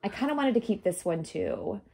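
A woman's voice: mid-range voice, lively intonation, moderate pace, vocal fry, warm tone, breathy edge. A woman chatting casually to her viewers while showing vintage clothes, addressing them directly. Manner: talks straight to viewers, apologetic asides. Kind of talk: casual chat.

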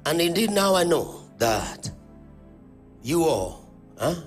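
A man's voice: big pitch swings, slow pace, faint music behind. A man with a Kenyan accent preaching at a church conference, calling out to the congregation and leading call-and-response. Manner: booming call-and-response preaching with sudden swings of pitch and volume. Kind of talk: sermon.

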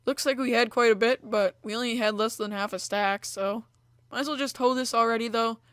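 A woman's voice: a little high, steady tone, fairly quick, a bit bright, no echo, studio quality. Chatty young woman narrating gameplay. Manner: chatty, rambling, many fillers like "like" and "you know". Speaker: gaming video host. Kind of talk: casual gameplay commentary.

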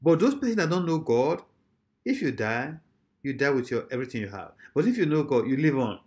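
A man's voice: mid-range voice, big pitch swings, fairly quick, a little mellow. A male pastor, preaching a sermon emphatically, with repeated rhetorical questions.

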